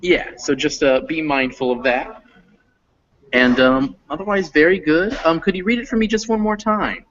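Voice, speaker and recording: A man's voice: on the high side, moderate pace, a bit bright, a little hiss or hum. A man tutoring English pronunciation online, explaining patiently step by step. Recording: muffled lo-fi audio.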